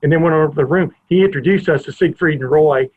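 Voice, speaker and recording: A man's voice: fairly high pitch, quick pace. A man hosting a podcast, telling a long rambling anecdote from his home and often wandering off on tangents. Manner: rambling, digressive storyteller. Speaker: podcast host. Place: home family room. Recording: tinny phone-like line.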